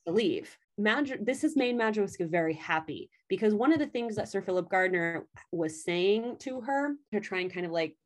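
A woman's voice: mid-range voice, lively intonation, moderate pace, hardly any pauses. A woman in casual chat, animatedly retelling a story's plot and swearing freely as she quotes the characters. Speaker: podcast co-host recapping a story.

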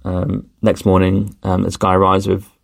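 Low gravelly man, rambling. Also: completely flat delivery, normal speed, dry recording, clean studio sound. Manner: rambling, with many fillers and restarts. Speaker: podcast host. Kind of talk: casual travel storytelling.

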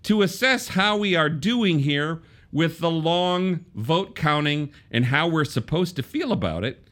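A man's voice: fairly high pitch, animated, a little slow, fairly bright tone. A man hosting a casual political talk show, wry and conversational, often restarting his sentences. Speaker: podcast host.

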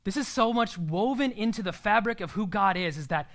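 A man's voice: sits high, lively intonation, brisk, a bit bright. A young man preaching a sermon in an earnest, emphatic way, sometimes dropping to a near-whisper.

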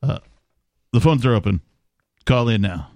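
A man's voice: medium pitch, animated, moderate pace, darkish tone, no echo. A man hosting a talk radio show, bantering in a jokey, laid-back way. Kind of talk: casual talk radio chat. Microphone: studio microphone.

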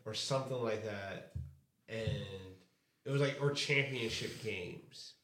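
A man's voice: on the low side, measured pace, fairly bright tone. A young man chatting casually on a podcast, joking and swearing about childhood memories. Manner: laid-back, swearing, joking. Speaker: podcast co-host. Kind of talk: casual chat. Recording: echoey room with crowd noise.

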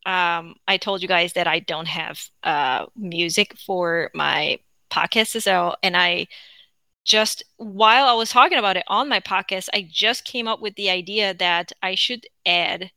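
A young Korean-accented woman talks loosely into her podcast mic, drifting from thought to thought with plenty of ums and restarts. Her tone is bright and clear. The sound is close and dry, with no room around it. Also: on the low side, unhurried, dry recording. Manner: rambling, chatty, frequent fillers and self-corrections. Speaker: podcast host. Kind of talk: unscripted casual monologue. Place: at home with her dog beside her.

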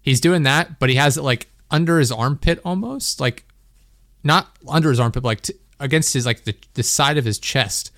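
A man's voice: medium pitch, normal speed, fairly bright tone, dry recording, studio quality. A young man hosting a podcast, telling a story in a rambling, laughing way, full of "like". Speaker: podcast host. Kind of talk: casual chat.

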